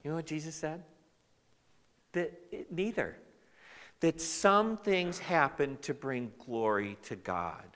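A male pastor delivers a sermon at an unhurried pace, his voice rising and falling with lively expression. He often breaks off to speak directly to the congregation. His words ring out with the long reverb of a large hall. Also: medium pitch. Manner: animated preaching, with asides to the congregation.

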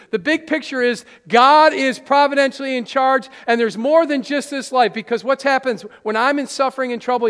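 A pastor preaches a sermon to his congregation in a church sanctuary, earnest and conversational, with playful asides. His voice is fairly high and a bit bright, and the recording carries live hall reverb.

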